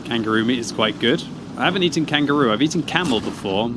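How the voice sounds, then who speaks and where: A man's voice: medium pitch, expressive, fast talker. A British man chatting casually while streaming a game, teasing and rambling as he reads out chat messages. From Britain. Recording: clear background game noise.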